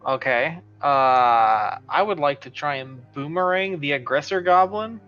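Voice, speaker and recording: A man talks through his moves as a tabletop game player, easygoing and thinking out loud. The sound is dull and lo-fi, with faint music behind him. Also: fairly high pitch, measured pace, clear, resonant tone. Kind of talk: casual tabletop game play.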